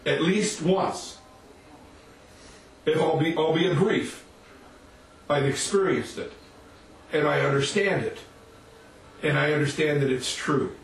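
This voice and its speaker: A man preaches by telling a story, animated and chuckling as he goes. His voice sits a bit high for a man. He is picked up from a distance in an echoey room. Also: takes it slowly, pauses often, a little hiss or hum. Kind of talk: sermon storytelling.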